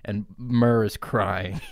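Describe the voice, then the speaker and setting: A man's voice: fairly low pitch, fairly even intonation, drawn-out words. A man co-hosting a podcast, spinning an improvised crude comic story full of swearing and laughter. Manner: crude, laughing, riffing on a tall tale. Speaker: podcast co-host.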